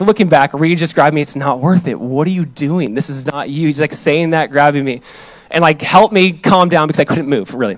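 A young male pastor delivers a sermon, slipping into a lively personal story with quick asides and voiced quotes. His voice sits fairly high for a man. The sound is dry and close, with little room around it. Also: no room sound.

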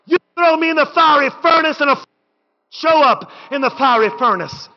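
A man preaching a sermon in a church, with rhythmic repetition that builds to shouted lines. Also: very high-pitched, normal speed, slight background noise. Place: church sanctuary. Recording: dull sound with long hall reverb.

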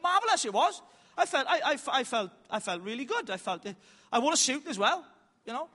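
A man preaching at a conference, telling stories with animated, self-mocking humour, then slowing down for emphatic points. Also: very high-pitched. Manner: animated, self-mocking, loud bursts and slow emphatic lines. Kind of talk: conference sermon with storytelling. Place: large hall with an audience. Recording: reverberant hall.

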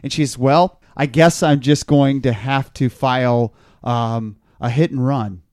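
A man's voice: medium pitch, fairly even intonation, a little slow, a little mellow, dry recording, studio quality. A man podcast host telling a long story in casual chat, rambling and stammering as he repeats words.

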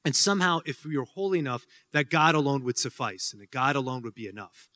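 Bright-voiced man in an echoing hall. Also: medium pitch, fast. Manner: rambling, many fillers, joking asides. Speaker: speaker answering student questions. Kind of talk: casual Q&A talk. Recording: hall with long reverb.

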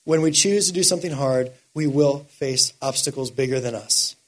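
A man preaching a sermon, swinging from quiet, measured lines up to impassioned shouting. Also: mid-range voice. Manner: builds to impassioned shouting, then drops quiet.

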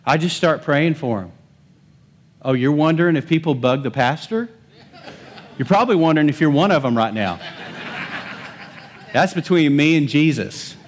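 A male pastor preaching a lively sermon, joking with the congregation and building emphasis. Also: a little high, moderate pace, pauses often, slight background noise. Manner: animated, humorous preaching with rising emphasis.

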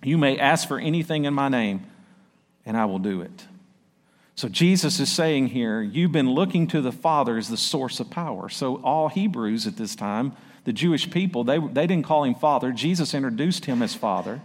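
A man preaching a sermon as pastor. He reads scripture slowly and loudly, then drops into quick, quieter asides and calls out to the congregation. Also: medium pitch, lively intonation. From South Arkansas. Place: church sanctuary. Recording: long church-hall reverb.

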